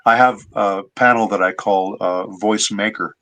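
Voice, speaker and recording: A man's voice: lowish voice, fairly even intonation, moderate pace, bright, forceful tone, low-quality recording. A middle-aged man, a voice actor guest, explaining his craft in a patient, teacherly way during a casual interview.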